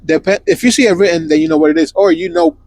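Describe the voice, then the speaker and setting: Laughing, teasing young man, lively pitch. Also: quick pace, no room sound. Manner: laughs often, explains in a joking teasing way. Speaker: podcast co-host. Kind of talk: casual chat.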